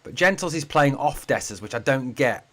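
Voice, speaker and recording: A man's voice: mid-range voice, animated, normal speed, a bit bright. A man hosting a fan watch-along stream, commentating on play in a chatty way, swearing freely and answering viewer comments. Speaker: fan channel host doing a live watch-along. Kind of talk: casual live-stream match commentary.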